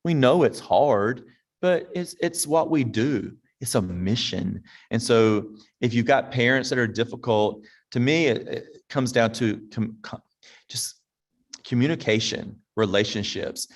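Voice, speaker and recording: A man's voice: medium pitch, a little slow. A man talks shop with fellow teachers in a casual online session. His delivery is folksy and direct, like a veteran teacher handing out hard-won advice. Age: 50s. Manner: folksy and direct, acts out parents and sings snippets. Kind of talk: casual conference talk with audience questions. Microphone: online presentation mic.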